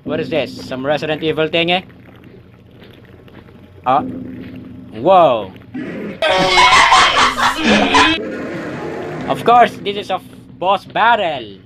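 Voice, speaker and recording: A young man commentating a horror game as he plays, yelping, shouting and joking, then dropping into low mutters. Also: extremely slow, pauses often, over loud music. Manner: excitable, yelps and shouts, joking asides; drops to a low, muttering aside between outbursts. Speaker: gaming YouTuber. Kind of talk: let's play commentary.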